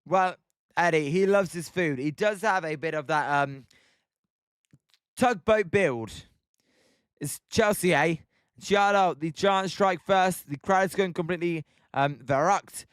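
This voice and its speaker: A man's voice: high-pitched, measured pace, clean tone, dry recording. A young British man hosting a casual baseball watch-along stream, chatting to viewers and calling the plays with self-mocking humor. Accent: British English. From Britain. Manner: chatty, self-mocking, reads chat aloud. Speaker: livestream host watching baseball. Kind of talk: casual live-stream chat and play-by-play.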